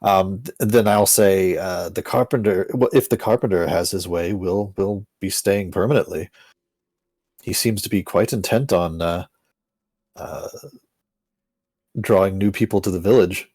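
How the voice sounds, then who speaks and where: A man playing a character in a tabletop game, speaking in a halting, cool, menacing way. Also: low voice, darkish tone, no room sound. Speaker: player.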